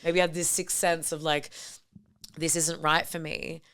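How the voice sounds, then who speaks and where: A woman's voice: low-pitched, flat delivery, normal speed, fairly bright tone, smooth. A young woman comedian, a guest on a podcast, chatting casually, calling her friend babe and swearing freely.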